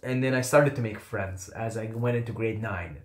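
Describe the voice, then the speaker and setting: A young man from the Middle East, whose first language is not English, telling his own story in a casual, animated, self-mocking way and swearing freely. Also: lowish voice, normal speed, roomy sound. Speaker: vlogger.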